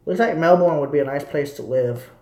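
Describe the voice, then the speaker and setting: A man's voice: fairly high pitch, fairly quick, a little mellow, reverberant. A young man casually rambling to his viewers as a streamer. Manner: rambling, repetitive, talking to viewers. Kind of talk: casual live commentary.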